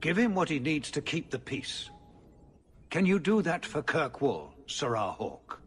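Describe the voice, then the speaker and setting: An actor playing a weary, cautious older city ruler who speaks in a measured, formal way, in video game dialogue. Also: male voice, a little high, huge pitch swings, fairly bright tone, a little hiss or hum, exaggerated voice. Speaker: city ruler addressing the hero.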